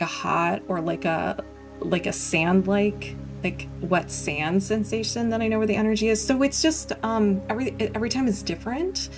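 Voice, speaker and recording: A woman hosting a live Reiki session, chatting casually and rambling as she answers viewers, laughing often. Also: on the low side. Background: soft background music.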